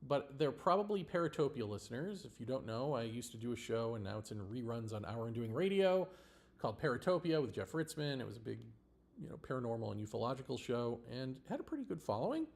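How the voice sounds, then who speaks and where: A man's voice: mid-range voice, sing-song, fast talker, gravelly, a little mellow. A man hosting a livestream, talking in a rambling, blunt monologue with swearing and laughs. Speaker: livestream host. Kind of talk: casual political monologue.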